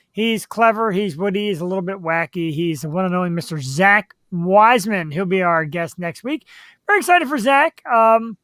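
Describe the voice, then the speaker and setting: A man's voice: sits high, a bit bright, dry recording. Upbeat chatty male web-show host. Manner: upbeat, chatty, reads out viewer names. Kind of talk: casual live-show chat and announcements.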